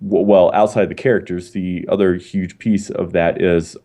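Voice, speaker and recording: A man co-hosting a gaming podcast, explaining news in a measured, informative way with occasional uhs. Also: sits low, steady tone, mellow. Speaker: podcast co-host. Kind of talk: casual chat.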